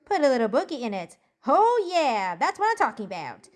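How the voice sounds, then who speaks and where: A chatty, bookish cartoon girl, voiced by a woman, rattles off jokes and journal entries in a bubbly, giggly way. Her voice sits high and swings up and down with animated energy. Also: a little fast. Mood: cheerful joking. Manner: bubbly, giggly joke-telling. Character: cheerful bookish preteen girl, upbeat and chatty. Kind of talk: journal-style character monologue.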